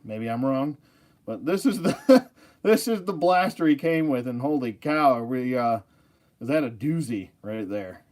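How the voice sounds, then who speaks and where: A man's voice: medium pitch, animated, measured pace, a little mellow. A man casually rambling about his toy collection, joking, laughing and losing his train of thought.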